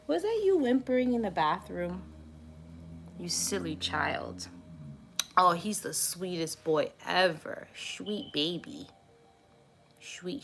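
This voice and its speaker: A woman host chatting casually with viewers on a live stream, warm and cooing as she talks about cats. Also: on the high side, slight background noise. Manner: chatty and affectionate, cooing baby talk at her cat. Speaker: tarot reader live streaming.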